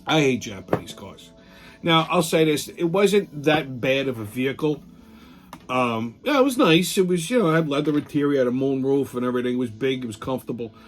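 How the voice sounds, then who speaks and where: A man's voice: medium pitch, animated, brisk, soft background music. A middle-aged man, hosting a casual monologue show, blunt, profane and ranting. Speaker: podcast host.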